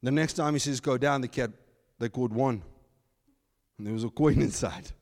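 A man's voice: mid-range voice, normal speed, creaky. Man preaching in a reverberant hall. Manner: animated, mocking asides in put-on voices. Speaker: pastor. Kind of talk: sermon. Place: church.

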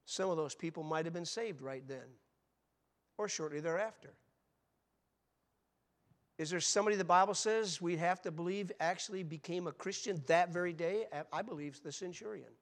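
A man preaching a sermon as pastor, reading scripture slowly and acting out the voices in the Bible stories with rising intensity. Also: high-pitched. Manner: reads scripture slowly and deliberately.

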